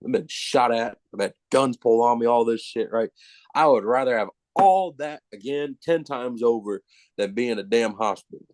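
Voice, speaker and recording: A man telling a personal story as a podcast guest, casual, animated and self-mocking, with plenty of profanity. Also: medium pitch, moderate pace, no echo.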